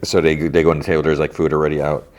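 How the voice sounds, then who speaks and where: A man's voice: rumbling low, flat delivery, rapid-fire, a little mellow, highs cut off. A man hosting a podcast, casually recapping a TV episode and quoting the characters loosely. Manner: retells scenes loosely, quoting lines with "he's like". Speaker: podcast host.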